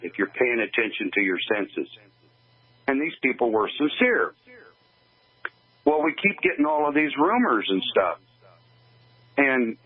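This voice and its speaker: An older man gives his testimony over a tinny phone line. He talks earnestly and haltingly, restarting his sentences as he goes, at an ordinary middle pitch. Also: husky. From Oregon, USA. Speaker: guest. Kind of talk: personal testimony in an interview.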